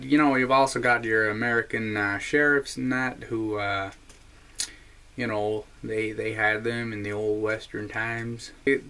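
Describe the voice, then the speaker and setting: Slow, deadpan male vlogger. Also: on the low side, a little hiss or hum. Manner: deadpan, rambling, many fillers. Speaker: comedy vlogger. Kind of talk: rambling comic monologue.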